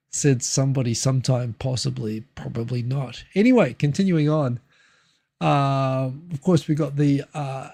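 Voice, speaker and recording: A New Zealand-accented man hosts a casual livestream, chatting through viewer comments. His voice is raised, mellow and gravelly, with a husky edge. He rambles, restarting sentences and filling gaps with ums. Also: a little high. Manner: rambling, many fillers and restarts. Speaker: livestream host.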